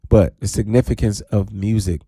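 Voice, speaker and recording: A man hosting his own radio talk show, talking in a playful, animated way with sudden high drawn-out calls. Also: husky, dry recording, studio quality. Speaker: radio DJ host. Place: radio studio.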